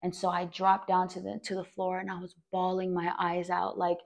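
A woman's voice: fairly low pitch, completely flat delivery, normal speed, creaky. A young woman hosting a podcast, telling a personal story in a rambling way with many fillers. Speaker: podcast host.

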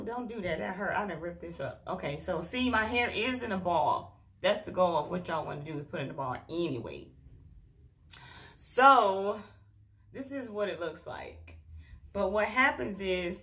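A woman's voice: fairly low pitch, fairly bright tone. Woman vlogger, casual and exasperated, chatting straight to camera as she works on her hair. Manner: exasperated, chatty, talks to viewers as "y'all". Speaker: beauty vlogger. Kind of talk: casual hair tutorial chat.

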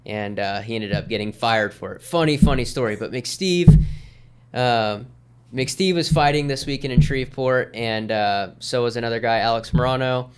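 A man's voice: mid-range voice, normal speed, a little hiss or hum. A man in his thirties, a podcast guest, telling stories in an easygoing, rambling way with lots of fillers. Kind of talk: casual storytelling in conversation.

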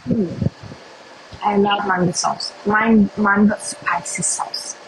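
A young woman from Russia with a Russian accent, chatting casually with viewers on a phone livestream in halting, simple English. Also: mid-range voice, steady tone, background noise. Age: young adult. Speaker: livestream host.

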